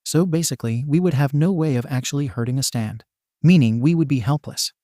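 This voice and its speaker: A man reading the lines of a calm young male hero student who reasons things out, in a fan storybook reading. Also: medium pitch, brisk, no room sound, studio quality, close to an everyday voice. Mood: reasoning.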